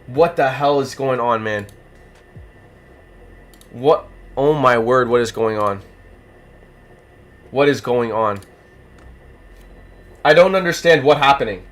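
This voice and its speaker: A livestream host who is losing his voice, calling a giveaway race with animated, rapid play-by-play. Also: mid-range voice. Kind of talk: excited duck-race commentary on a livestream.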